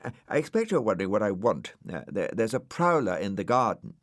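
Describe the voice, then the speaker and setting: A man's voice: lowish voice, big pitch swings, brisk, dry recording, clean studio sound. A man reading a storybook aloud and voicing an eager, chatty male snail.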